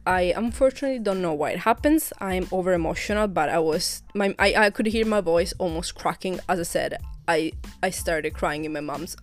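Chatty Italian-raised young woman podcaster. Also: on the low side. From Italy. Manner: chatty, rambling, with frequent restarts and laughs. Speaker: podcast host. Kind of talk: casual solo podcast chat.

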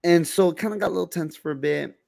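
A young man with a gravelly, fry-edged voice chats casually as a podcast co-host. He talks loosely and swears a lot, full of "like" and "you know". The sound is dry and close. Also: a little high, fast, a little mellow, no room sound. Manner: loose, heavy swearing, many fillers and restarts. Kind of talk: casual chat.

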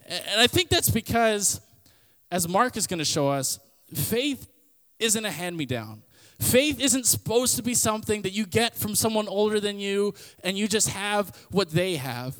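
A man's voice: high-pitched, a bit bright, in a large hall. A male podcast host giving a casual Bible teaching, telling stories and retelling scripture in everyday slang. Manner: conversational, storytelling, paraphrases scripture in everyday slang.

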